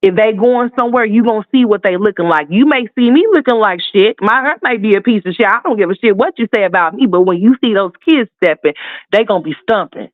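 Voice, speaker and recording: High-voiced man ranting over a tinny line. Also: expressive, fast, no room sound. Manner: heated, profane, sassy ranting. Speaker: commentary host. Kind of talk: ranting commentary. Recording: tinny phone-like dry sound.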